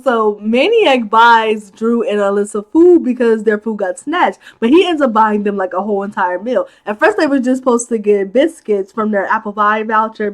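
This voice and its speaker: A woman hosting a casual movie recap. She talks in an animated, chatty way, laughs often and drops in many filler "like"s. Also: a little high. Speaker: movie commentary host.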